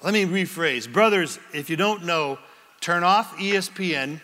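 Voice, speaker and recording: The sound rings with long reverb from a large church hall, where a pastor addresses his congregation. His high, bright voice brims with theatrical liveliness as he plays out little scenes in different voices to drive home his point.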